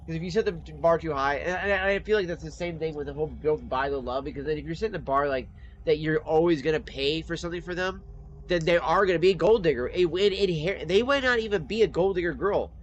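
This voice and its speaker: A man streaming and chatting casually, telling stories in a blunt, profane, animated way. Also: fairly high pitch, quick pace, lo-fi sound, a little hiss or hum. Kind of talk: casual chat while gaming.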